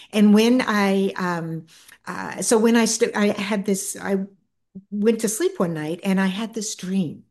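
A middle-aged woman, an author and guest, tells a personal story in a soft, earnest way, often stopping and restarting her sentences. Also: mid-range voice. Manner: soft-spoken, earnest, halting with many restarts.

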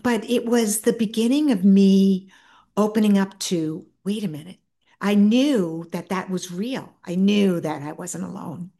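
A middle-aged woman, an author and guest, tells a personal story in a soft, earnest way, often stopping and restarting her sentences. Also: mid-range voice. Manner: soft-spoken, earnest, halting with many restarts.

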